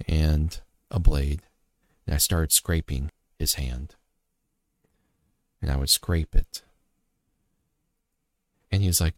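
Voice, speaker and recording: A man's voice: low-pitched, dry recording. A man sharing a personal story as a father in an earnest, repetitive, reflective motivational faith talk.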